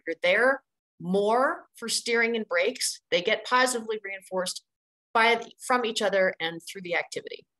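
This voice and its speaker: A middle-aged woman leads an online training session in an energetic, conversational way. She sounds chatty and emphatic, doubling words to drive her points home. Her voice sits at a mid pitch. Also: low-quality recording. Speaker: dog playgroup trainer presenting a webinar. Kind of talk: instructional webinar talk.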